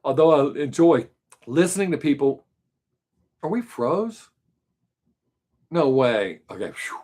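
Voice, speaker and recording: A man's voice: a little high, very animated, takes it slowly, a little mellow. A man hosting his weekly live stream, chatting casually with viewers in a musing, rambling, joking way.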